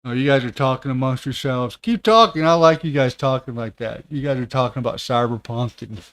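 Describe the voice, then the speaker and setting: A man in his thirties, a tech content creator, chatting casually on a livestream with many pauses, fillers and restarts. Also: medium pitch, fairly even intonation.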